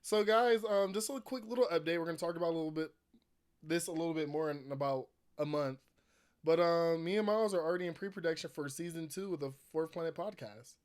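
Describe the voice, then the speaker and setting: A young man co-hosting a podcast in casual chat, playful and quick to laugh, talking straight to his viewers. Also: fairly high pitch, smooth. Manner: playful, laughs often, addresses viewers directly. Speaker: podcast co-host.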